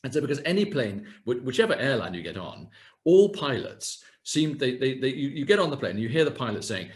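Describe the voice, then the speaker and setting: A man giving a webinar talk as a communication coach, speaking gently and warmly, often restarting his sentences. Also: medium pitch, fairly quick. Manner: gentle and lively, with frequent restarts. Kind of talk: webinar talk on video calls. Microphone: video call.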